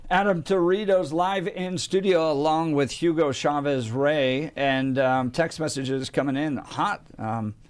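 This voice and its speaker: A man with a somewhat high voice runs a talk radio show from the studio. He reads listener texts aloud and moves things along in a brisk announcer's way. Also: steady tone, clear, resonant tone.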